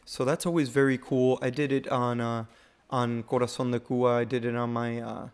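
Flat-toned man rambling through a livestream. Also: medium pitch, clear, resonant tone. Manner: rambling, halting with many fillers. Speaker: host of a home-video release show. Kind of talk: casual live-stream commentary.

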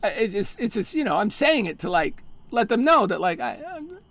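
This man's voice sits high and leaps around in pitch as he performs a one-man storytelling show live. He halts, starts over again and again, and frequently sinks into quiet murmurs.

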